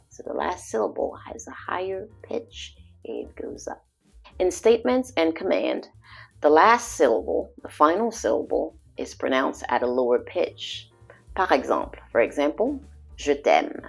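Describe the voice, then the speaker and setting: A woman teaching a language lesson, slowly demonstrating pronunciation. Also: deep voice, creaky, husky. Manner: slow, deliberate demonstration of pronunciation. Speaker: French teacher.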